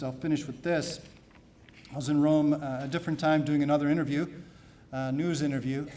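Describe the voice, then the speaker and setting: A man, a priest, giving a keynote talk at a conference, telling stories softly and then preaching loud and emphatic. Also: fairly high pitch. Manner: storytelling, shifting from soft confiding to loud emphatic preaching. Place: conference hall.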